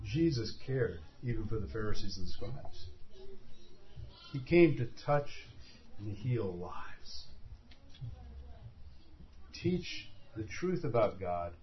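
A man's voice: lowish voice, sing-song, slow, long pauses, slight background noise. A man preaching a sermon, telling the story vividly and acting out the scenes as he goes. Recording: dull lo-fi recording.

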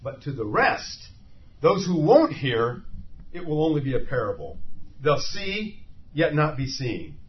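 Lively impassioned male preacher. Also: a little high, unhurried. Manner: impassioned, rises to loud emphatic cries; asks the listeners rhetorical questions. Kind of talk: sermon. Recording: slightly dull lo-fi sound with faint noise.

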